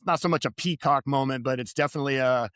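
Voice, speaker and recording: Joking, relaxed male podcast host. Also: mid-range voice, fast talker, dry recording, studio quality. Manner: relaxed, joking, chuckles between questions. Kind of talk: casual interview chat.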